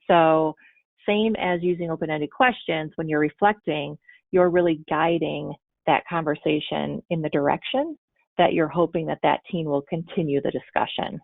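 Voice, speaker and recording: Female trainer, lower register, patient step-by-step explainer; tinny call audio. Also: fairly even intonation, moderate pace, vocal fry, no room sound. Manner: explains step by step with spoken examples. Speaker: health trainer presenting a webinar. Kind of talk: instructional webinar presentation. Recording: tinny phone-like webinar audio.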